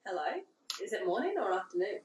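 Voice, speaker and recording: A woman, a boxer guest in a relaxed chat, swearing and hesitating with ums. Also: medium pitch, fairly quick, recorded from a distance. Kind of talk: casual chat. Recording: echoey room, off-mic.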